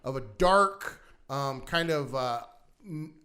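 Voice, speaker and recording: A man co-hosting a casual show-review chat, rambling and halting with many fillers and restarts. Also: mid-range voice, bright, forceful tone. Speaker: podcast co-host.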